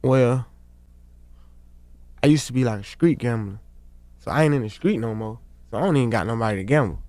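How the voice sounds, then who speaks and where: A man answering interview questions in a relaxed, slangy manner. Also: medium pitch, fairly quick, no echo. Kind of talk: street interview.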